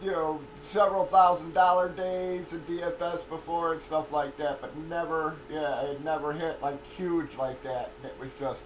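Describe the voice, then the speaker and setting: A man's voice: on the high side, steady tone, normal speed, few pauses, far from the mic, low-quality recording. A man casually chatting on a livestream, rambling, swearing freely and laughing often while telling a story. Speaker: livestream host of card breaks. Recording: voice a bit off-mic with faint noise.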